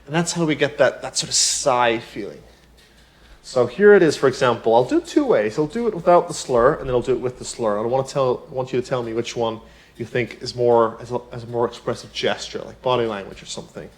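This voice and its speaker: A man's voice: medium pitch, fast talker. Chatty male piano teacher. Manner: chatty, many "you know" asides and rhetorical "isn't it?"; explains with everyday examples. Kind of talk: casual spoken tutorial.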